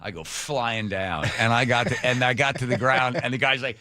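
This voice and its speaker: A man hosting a talk radio show, telling a story with lively acted-out quotes in a studio. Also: mid-range voice, moderate pace, few pauses. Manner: acts out quotes with big voice swings.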